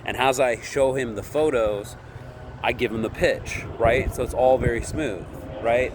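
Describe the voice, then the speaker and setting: In a slightly slow, mid-range voice, with noise in the background, a man talks casually to camera about running his candy vending business. He rambles, keeps finishing sentences with "right?", and acts out what people said.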